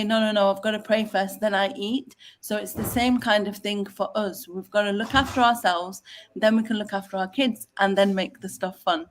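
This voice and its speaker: A woman's voice: mid-range voice, a little hiss or hum. A woman hosting a casual online chat, talking in a rambling, chatty way with many fillers. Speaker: host.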